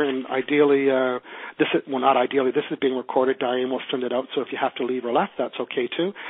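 This teleclass teacher has a Canadian accent and a higher, somewhat breathy voice. He leads the class by phone, sounding upbeat and encouraging as he poses questions, and the line sounds tinny.

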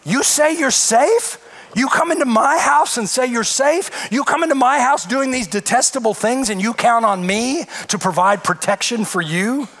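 Guy preaching, fairly high voice, punchy rhetorical questions. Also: normal speed, a bit bright. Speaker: pastor. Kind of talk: sermon.

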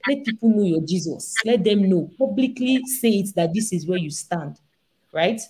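A woman's voice: medium pitch, animated, moderate pace, a little mellow. A woman who is a guest on a faith-based motivational talk over a video call, speaking in an earnest, exhorting way.

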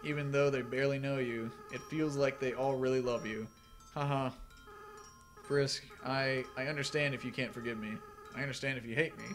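A man's voice: mid-range voice, fairly even intonation, faint music behind, lightly acted. Asriel, a man reading as a tearful monster boy. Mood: sad. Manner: soft, earnest, halting reading of game dialogue. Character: remorseful young goat-monster boy, tearful.

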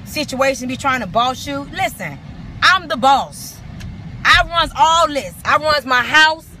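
A woman's voice: high voice, expressive, measured pace, pushed and bright, slight background noise. A woman, sitting in her car and delivering an emphatic, repetitive motivational rant. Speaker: vlogger.

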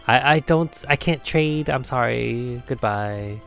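A man's voice: medium pitch, takes it slowly, creaky, hardly any pauses, fairly bright tone, faint music behind. A man giving casual let's play commentary, chatty, laughing often and talking to himself. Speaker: game streamer.

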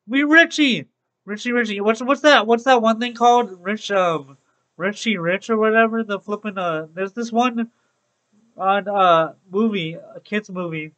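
A young streamer with a high, fairly bright voice talks at a moderate pace over poor audio. He chats cheerfully with viewers during a casual Let's Play, leaning on phrases like "bro."

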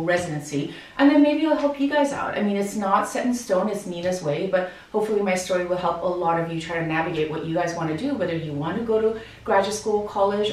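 A woman in her thirties chatting casually to viewers in a home vlog, animated and direct. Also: medium pitch, echoey room, distant mic, poor audio. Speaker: vlogger. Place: house interior.

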